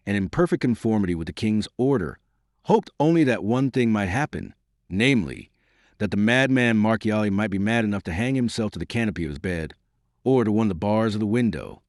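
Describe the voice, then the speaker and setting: A man narrating an audiobook in a measured, dramatic reading. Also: lowish voice, very animated, no room sound, clean studio sound. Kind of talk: scripted narration.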